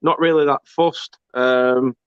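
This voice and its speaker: A man's voice: medium pitch, fairly even intonation, takes it slowly, smooth, no echo. Chatty male fan host, dry lo-fi sound. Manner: chatty, reads out viewer comments, laughs often. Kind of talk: casual match commentary chat.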